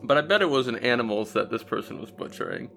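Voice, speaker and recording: Very low-voiced dry woman co-host. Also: expressive, fast, gravelly, fairly bright tone, faint music behind. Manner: dry, blunt, swears, wry asides. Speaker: podcast co-host. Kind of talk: casual chat reactions.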